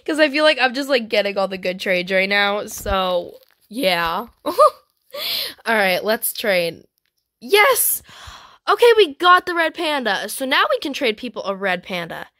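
A woman hosting a gaming channel, chatting excitedly as she trades in a game, with frequent gasps and squeals. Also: mid-range voice, unhurried, no echo, clean studio sound. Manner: chatty, talks to viewers and other players. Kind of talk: playing a trading game while commenting casually.

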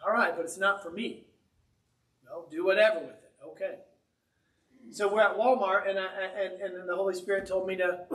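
A man, a pastor, telling a story in a sermon with an animated, conversational, humorous delivery in a church. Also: high voice, reverberant, far from the mic. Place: church sanctuary.

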